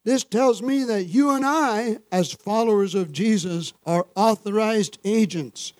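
A man's voice: sits high, a little slow, a little mellow, dry recording. A man preaching a sermon as pastor, often asking the congregation "Amen?" and chuckling between points. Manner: call-and-response, frequent "Amen?" and chuckles.

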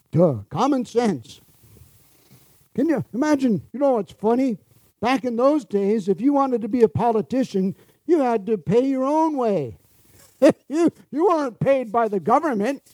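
A man's voice: extremely high pitch, animated, measured pace, mellow, dry recording. A man preaching a sermon, chuckling often, with sarcastic asides and acted-out quotes of the people he talks about.

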